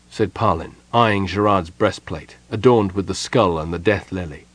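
A man reading a story aloud as an audiobook narrator, with measured delivery. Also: on the low side, breathy edge, no echo. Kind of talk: scripted narration.

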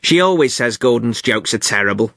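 A man hosting an English-learning podcast, speaking clearly in an amused, teacherly way. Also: mid-range voice, expressive, a little fast, fairly bright tone, dry recording, studio quality. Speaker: podcast host.

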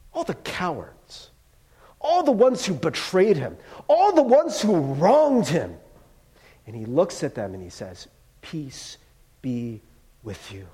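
A male pastor delivers a sermon in an easy, conversational way, full of slang and asides. His voice sits high and swings widely in pitch. He drops to a near hush when he quotes scripture. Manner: animated, casual slang, drops to hushed voice for quotes.

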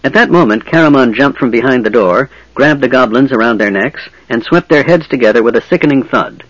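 Brief: male audiobook narrator, even mid-range voice, measured storytelling, dry, muffled sound. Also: medium pitch, breathy edge, dry recording.

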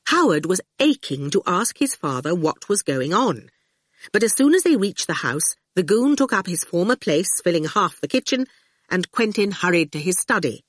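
A woman narrating a children's novel in an expressive, unhurried reading. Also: on the low side, no room sound, studio quality. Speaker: audiobook reader. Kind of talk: storybook narration.

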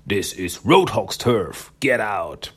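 A man voicing a tough, big female boar mutant biker in a comic recap, in a low voice. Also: sing-song, slow, fairly bright tone, husky, exaggerated voice. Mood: gruff.

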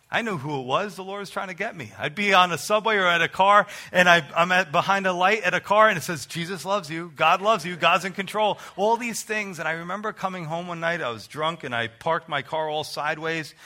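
A man's voice: a little high, pushed and bright. A middle-aged man preaching a sermon and telling his own testimony, earnest and conversational, with emphatic rises. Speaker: pastor.

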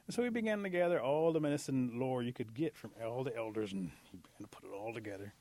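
A man telling a traditional animal folktale aloud in an animated way, leaning on the key words. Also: medium pitch, fast. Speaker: storyteller. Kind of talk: oral folktale storytelling.

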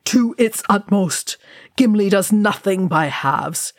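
A woman voicing a grim male dwarf with a hoarse voice. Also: medium pitch, expressive, takes it slowly, no room sound, studio quality, pitched above the performer's own voice.

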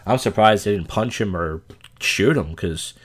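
A man's voice: on the low side, measured pace. A man from the US Mid-Atlantic hosting a show, giving blunt, crude, joking commentary on viral clips. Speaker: host reacting to viral clips. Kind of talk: casual commentary.

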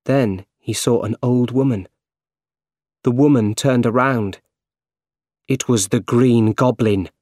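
A man reading a simple storybook aloud in slow, clear, carefully paced narration. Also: medium pitch, a little mellow, dry recording, clean studio sound. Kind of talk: scripted narration of a graded reader story.

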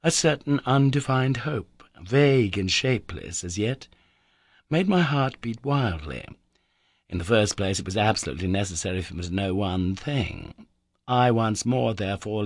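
A man reading a classic adventure novel aloud in measured, low-keyed narration. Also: dry recording, studio quality. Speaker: audiobook reader. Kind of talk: scripted narration.

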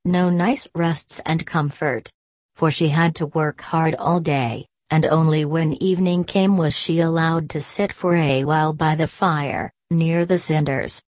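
Low-voiced woman reading a fairy tale. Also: dry recording. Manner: measured, expressive reading. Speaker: storyteller. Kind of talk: scripted storybook narration.

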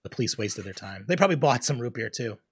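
A man's voice: mid-range voice, expressive, quick pace, husky. A man co-hosting a podcast, chatting casually, laughing often and swearing now and then. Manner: laughs often, swears, acts out quoted people. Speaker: podcast co-host. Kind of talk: casual chat.

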